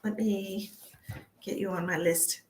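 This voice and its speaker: A woman's voice: mid-range voice, steady tone, takes it slowly, darkish tone. A woman hosting a casual psychic livestream from home, chatty and tired, greeting viewers by name and swearing freely. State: tired from early work hours. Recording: echoey room.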